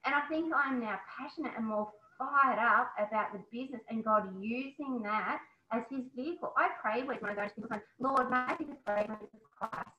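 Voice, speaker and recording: A woman being interviewed, talking in an animated, emotional way and often breaking into exclamations. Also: a little high, moderate pace, hardly any pauses, a little hiss or hum. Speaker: interview guest, business owner. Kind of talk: casual interview chat. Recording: echoey, slightly dull recording.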